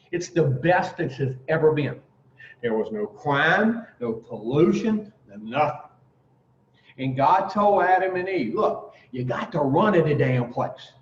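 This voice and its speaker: A man's voice: a little high, slight background noise. A man telling a folksy, profane recovery story to a group, acting out voices as he goes. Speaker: addiction recovery speaker. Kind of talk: casual storytelling talk. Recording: roomy dull recording from far off.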